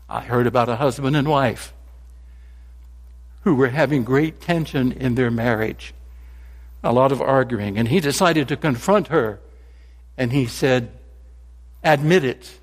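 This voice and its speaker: Slow, husky preaching man in a hall. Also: mid-range voice. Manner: animated preaching with joke anecdotes. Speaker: pastor. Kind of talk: sermon. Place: church sanctuary. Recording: long reverb in a large hall.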